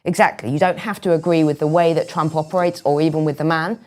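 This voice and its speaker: A woman co-hosting a political talk show, brisk and opinionated, quick to jump in. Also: sits low, fairly even intonation, darkish tone.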